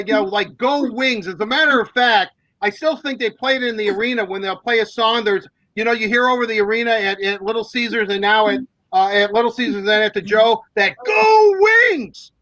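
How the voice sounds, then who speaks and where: A man's voice: sits high, brisk, hardly any pauses, no room sound, lo-fi sound. A man, hosting a sports talk show, telling rambling stories in casual chat full of fillers. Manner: animated, rambling storyteller with many fillers. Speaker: sports radio host.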